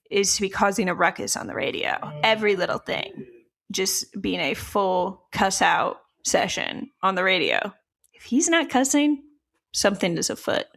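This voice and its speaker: A young woman co-hosting a comedic sports podcast, animated, laughing often and swearing casually. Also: medium pitch, creaky. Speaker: podcast co-host.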